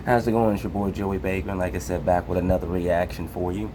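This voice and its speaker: A man's voice: deep voice, flat delivery, noisy background. A man hosting a reaction video, talking in a casual, laid-back way to his viewers. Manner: slow, laid-back, chatty.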